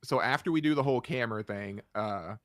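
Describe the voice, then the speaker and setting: A man hosting a casual podcast chat, telling a story in a lively way. He acts out both sides of the conversation, laughs often and swears freely. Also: medium pitch, brisk, slight background noise. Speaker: podcast host.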